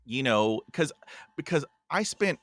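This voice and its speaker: Stuttering man telling a lively story. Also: mid-range voice, a little slow, no echo, studio quality. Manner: stutters, with repeated sounds; animated storyteller, often addresses the guest by name. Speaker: podcast host. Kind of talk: casual interview chat.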